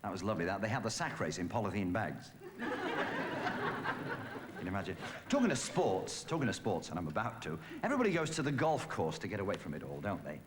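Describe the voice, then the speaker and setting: Lively male comic firing off one-liners. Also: low voice. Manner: rapid one-liners, lively punchline delivery. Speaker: stand-up comedian guest. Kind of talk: stand-up comedy routine. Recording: noisy old off-air TV tape.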